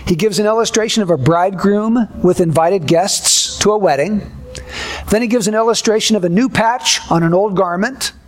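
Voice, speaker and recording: A male pastor preaching a sermon in a measured, deliberate way, building repeated contrasts. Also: high-pitched.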